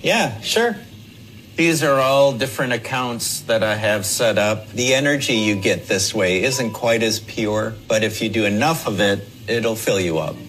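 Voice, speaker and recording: Dry, deadpan energy vampire from a TV comedy; low, slow, unhurried. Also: male voice, poor audio. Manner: flat, dry deadpan delivery. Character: deadpan male energy vampire feeding off online trolling. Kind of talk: TV comedy scene.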